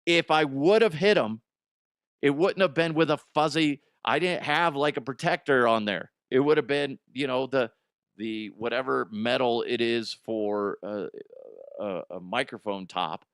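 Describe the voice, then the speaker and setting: A middle-aged man hosting a comedic podcast monologue, telling stories animatedly and jumping into loud high exclamations. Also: measured pace, clear, resonant tone, no room sound, clean studio sound. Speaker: podcast host.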